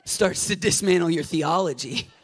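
A man preaching a sermon, building to shouted passion and then easing into quiet storytelling. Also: sits high, normal speed, breathy edge.

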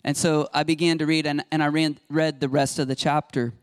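A man's voice: on the high side, little pitch movement, fairly quick, clear, resonant tone, dry recording. A man, preaching a conversational sermon as a pastor and telling stories with chatty asides to the congregation.

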